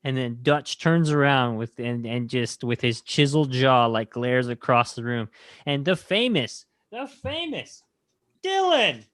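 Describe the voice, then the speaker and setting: A man's voice: medium pitch, a little slow, fairly bright tone, clear, resonant tone, dry recording, studio quality. Man chatting casually on a podcast. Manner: enthusiastic, rambling recap with quoted movie lines. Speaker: podcast host. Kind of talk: casual film review chat.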